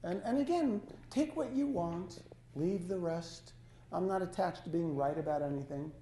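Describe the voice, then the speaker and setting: A man giving a life-coaching talk to a small audience, speaking in a halting, conversational way and often correcting himself. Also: sits high, warm tone, slight background noise. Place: lodge hall. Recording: echoey hall.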